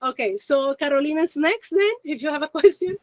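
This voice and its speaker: Brisk and lively in intonation, a high-voiced, slightly mellow Japanese teacher leads a beginner class by video call for a language school in Monterrey. Her voice sounds dry and near, with no echo, and she keeps students engaged with encouraging check-ins of "okay?" and "yes?"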